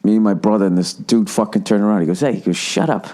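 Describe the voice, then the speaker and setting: A man in his forties ranting through a casual comedic monologue as a podcast host, swearing heavily and jumping up in pitch. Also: fast talker, a little hiss or hum. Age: 40s. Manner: ranting, heavy swearing, animated rises in pitch.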